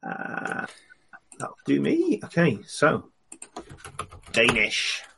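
A man playing a tabletop game, speaking in a wry, hesitant way with many ums and pauses. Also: medium pitch, sing-song, creaky, a bit bright, slight background noise. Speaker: player. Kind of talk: casual tabletop game chat.

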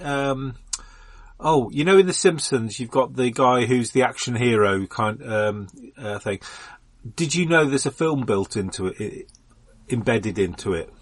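A man chatting casually on a gaming podcast, halting with many ums and restarts. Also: medium pitch, no room sound. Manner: hesitant, lots of ums and restarts. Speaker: podcast player. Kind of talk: casual chat.

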